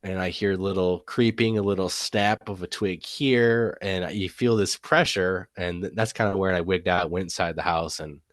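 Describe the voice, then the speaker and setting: Male guest, very low voice, dry close sound, rambling storyteller. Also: steady tone, normal speed, few pauses, no room sound. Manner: rambling, many fillers and "and stuff". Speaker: guest telling an encounter story. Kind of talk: casual storytelling.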